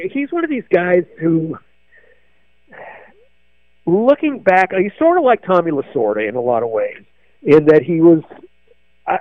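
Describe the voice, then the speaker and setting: A man's voice: on the high side, no room sound. An older man telling rambling sports memories, full of fillers and restarts, as a show host. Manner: digressive, many fillers and restarts. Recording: dry tinny phone-like sound.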